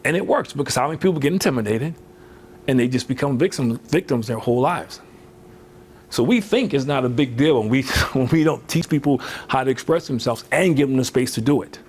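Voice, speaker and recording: A man's voice: mid-range voice, expressive, a little fast, a little mellow, breathy edge. A man giving a motivational workshop talk in a conversational way, filling with "you know" and acting out quoted voices. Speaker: motivational speaker.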